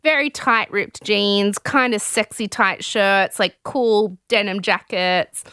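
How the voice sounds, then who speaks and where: A woman hosting a podcast, telling a gossipy, animated recap in casual chat. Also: medium pitch, takes it slowly, clean tone, dry recording, clean studio sound.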